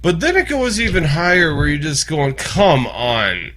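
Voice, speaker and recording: A man's voice: on the high side, very animated, brisk, sharp tone. A man hosting a podcast, ranting bluntly and with plenty of profanity in casual chat. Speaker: podcast host.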